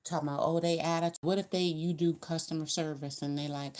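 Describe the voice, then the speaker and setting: A woman's voice: low-pitched, steady tone, quick pace, hardly any pauses, a little mellow. A woman giving a casual tarot reading to camera, talking in a chatty, colloquial, rambling way. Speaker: tarot reader.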